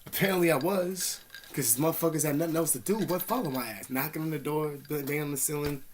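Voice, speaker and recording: A man's voice: a little high, a little fast, a little hiss or hum. Profane rambling young man. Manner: rambling, profane, streetwise slang. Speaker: vlogger. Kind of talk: casual storytelling to camera. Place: indoor room.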